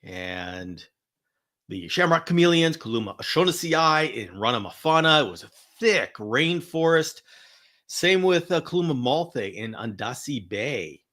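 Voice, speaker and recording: Male host for a live teaching stream: upbeat, chatty, bright, forceful tone, stumbles and restarts often. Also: on the high side, very animated, measured pace. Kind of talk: live-streamed educational talk.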